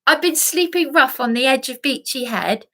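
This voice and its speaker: In an expressive voice with a fairly bright tone, an English woman vlogger speaks at normal speed through an emotional monologue. She rambles agitatedly, swearing, repeating herself, and imitating others in high, put-on voices.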